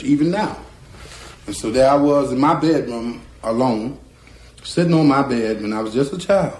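A man from North Carolina, a guitarist telling a folksy story in an animated way, acting out the voices in it and chuckling often. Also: medium pitch, normal speed. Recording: roomy echo.

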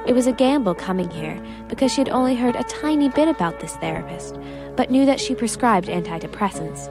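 A woman reading a prose story aloud in a measured, storytelling manner. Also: fairly high pitch, expressive, vocal fry, over music. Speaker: narrator.

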